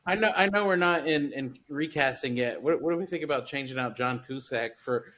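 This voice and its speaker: Southern man host, mid-pitched, halting and casual, lots of pauses. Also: a bit bright, slight background noise. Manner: hesitant, many fillers and restarts. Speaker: podcast host. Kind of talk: casual chat.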